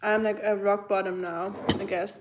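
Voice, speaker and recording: A woman's voice: medium pitch, flat delivery, normal speed, rough recording. A young woman hosting a casual livestream, chatting and musing with her viewers while she eats. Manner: chatty, musing, answers chat while eating. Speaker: livestream host. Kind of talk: casual chat with live chat viewers.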